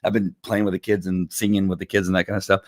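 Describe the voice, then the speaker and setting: A man streaming live from home, talking casually to viewers with a hoarse, tired voice, rambling with many fillers and throat clearing. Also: low-pitched, flat delivery, quick pace, no echo, clean studio sound. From Southern California. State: hoarse, losing his voice. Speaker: live stream host selling wellness products. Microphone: computer or phone camera.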